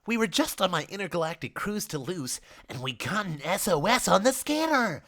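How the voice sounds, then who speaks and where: A man's voice: high voice, big pitch swings, normal speed, bright, forceful tone, pitched above the performer's own voice, heavily acted. A man voicing a flamboyant male fitness guru who shrieks and squeals with over-the-top cheer. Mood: excited shrieking.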